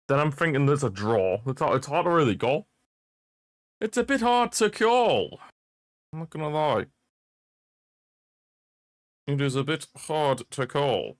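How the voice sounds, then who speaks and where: A man's voice: mid-range voice, no echo, clean studio sound. A young man hosting a football watchalong stream, rambling and chuckling as he chats with viewers over a streaming microphone. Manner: rambling, chuckles often, talks to chat. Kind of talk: casual live-stream chat.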